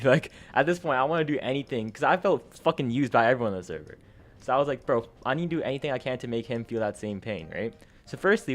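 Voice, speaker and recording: A young man telling a gaming story in a casual, rambling way, full of slang, swearing and fillers, his energy rising and falling. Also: medium pitch. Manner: animated, jumps up and down in energy.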